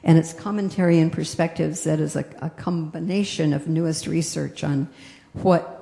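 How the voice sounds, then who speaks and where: A woman minister preaches in a gentle, reflective way, drawing out her key phrases. Her low voice is mellow and gravelly. The sound rings with the long reverb of a roomy hall. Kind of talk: sermon.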